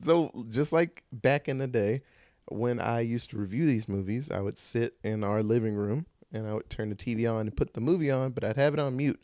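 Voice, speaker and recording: A man hosting a casual horror-movie podcast, animated and joking. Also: medium pitch, brisk, dry recording, studio quality. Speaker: podcast host.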